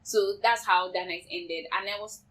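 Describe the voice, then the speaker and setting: A young woman with a Nigerian accent, casually telling her side of a love story, lively and often laughing. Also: mid-range voice, moderate pace, rough recording. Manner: lively, laughing, quotes herself and others. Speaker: co-host.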